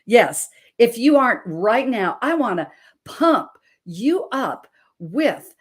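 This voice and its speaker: A woman's voice: a little high, slow, breathy edge. A woman in her sixties from Montana, hosting an inspirational talk show as a health coach, emphatic and preacherly as she tells stories. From Montana, USA. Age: 60s. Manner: emphatic, preacherly, animated storytelling.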